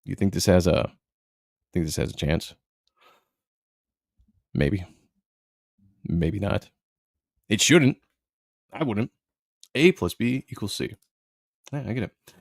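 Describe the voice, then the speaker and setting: A man's voice: on the low side, slow, creaky, pauses often, dry recording, clean studio sound. A man hosting a live stream, giving blunt, sarcastic commentary and reading viewer comments aloud. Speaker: live show host.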